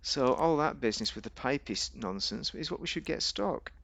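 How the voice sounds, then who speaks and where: A man with a gravelly, fry-tinged voice talks his way through a game in loose, chatty commentary. He rambles, jokes and argues with himself, and his pitch jumps up and down mid-sentence. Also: animated, brisk, a bit bright. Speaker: gaming video host. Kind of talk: casual gameplay commentary.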